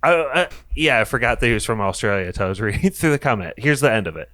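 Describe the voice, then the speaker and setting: A man's voice: medium pitch, animated, fast, fairly bright tone. A young man co-hosting a podcast, chatting casually and reading listener comments aloud in a joking way. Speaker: podcast co-host.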